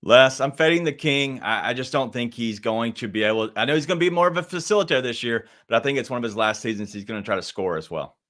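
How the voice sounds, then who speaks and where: Bright-toned male sports panelist. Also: mid-range voice, quick pace, hardly any pauses. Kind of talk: sports betting show chat.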